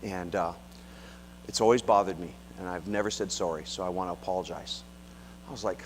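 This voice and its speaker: A middle-aged pastor telling a personal, emotional story in a sermon, acting out the dialogue. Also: male voice, low voice, fast. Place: large church hall. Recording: long hall reverb, faint hum.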